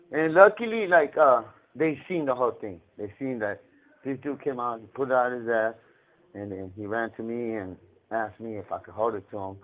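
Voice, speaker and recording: Man telling a story over a tinny prison phone line. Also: fairly high pitch. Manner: halting, repeats words and restarts often; laughs now and then while telling. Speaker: incarcerated caller telling a story. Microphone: phone handset.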